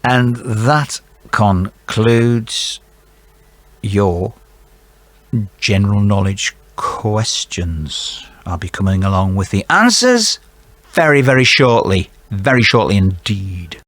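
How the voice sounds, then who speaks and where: Man, middle-aged, quiz host, rambling, jokey, talks to himself, lowish voice. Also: animated, slow pace, a bit bright, dry recording. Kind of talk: reading out quiz answers with chatty asides.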